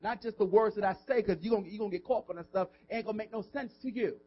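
Preaching very fast in a high-pitched voice, a pastor moves between loud emphasis and a hushed whisper. He keeps an informal tone, repeating words as he questions the congregation, and the audio sounds dull.

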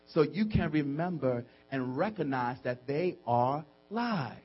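A man preaching with a high, husky voice, dropping to quiet asides and then rising to shouted outbursts. He acts out friends' voices in little dialogues. The recording is dull and muffled, with mains hum underneath. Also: expressive, measured pace, few pauses, soft background music. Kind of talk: sermon.

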